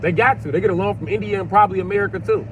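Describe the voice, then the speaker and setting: A man's voice: high-pitched, racing, muffled recording, slight background noise. A man vlogging a blunt, profane rant from his car. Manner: blunt, crude, emphatic. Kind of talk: profane ranting monologue.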